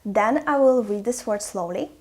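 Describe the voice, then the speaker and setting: A woman, a native Russian speaker with a Russian accent, teaching a language lesson with slow, careful pronunciation drills. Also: medium pitch, lively intonation, a little mellow, a little hiss or hum.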